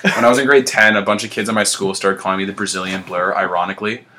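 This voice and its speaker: A man's voice: deep voice, steady tone, fast, pushed and bright, slight background noise. A young man hosting a casual podcast chat, telling laid-back stories with frequent laughs. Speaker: podcast host.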